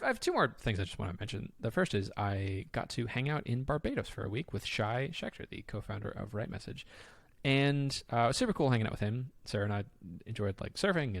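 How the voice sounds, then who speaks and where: Lively, gravelly-voiced man chatting. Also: medium pitch, no room sound. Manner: animated, excitable storyteller with frequent fillers. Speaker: podcast co-host. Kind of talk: casual chat.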